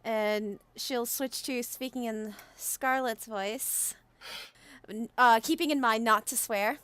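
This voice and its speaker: Hesitant woman player with a high voice. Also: slow pace, fairly bright tone, clear, resonant tone. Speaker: tabletop game player. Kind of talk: describing her character's actions.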